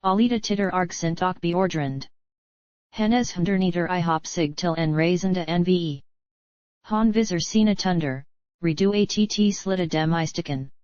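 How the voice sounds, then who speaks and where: A woman reading a screenplay aloud in a flat manner, naming each speaker before the line. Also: fairly low pitch, normal speed, no echo, muffled recording.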